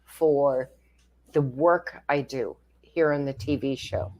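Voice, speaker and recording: A woman's voice: a bass voice, fairly even intonation, slow pace, a little mellow. A woman co-hosting a talk show, chatting encouragingly and asking rhetorical questions. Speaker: co-host. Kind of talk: conversational chat.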